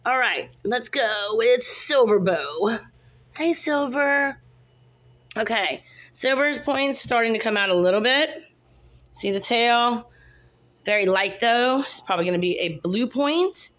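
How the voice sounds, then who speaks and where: A cat breeder films a casual kitten showcase vlog on a handheld phone, presenting her kittens one at a time and cooing at them in baby talk. Her voice is fairly high, a bit bright, and expressive, and she speaks a little slowly.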